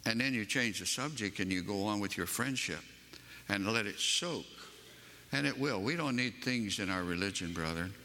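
A man's voice: fairly low pitch, expressive, normal speed, sharp tone, long reverb tail. A man from Western North Carolina with a Southern accent, preaching a sermon and telling a personal story with emphatic, rising delivery.

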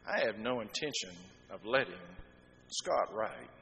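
A middle-aged man preaching a sermon, swinging from quiet explanation to loud, emphatic appeals. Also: lowish voice, expressive, a little slow, a little hiss or hum. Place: church hall. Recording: long hall reverb.

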